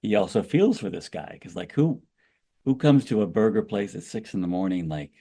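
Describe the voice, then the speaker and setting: Very deep-voiced author guest man. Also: lively intonation, normal speed, dark tone, slightly rough. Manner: thoughtful, rambling with restarts and "you know". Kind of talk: podcast interview.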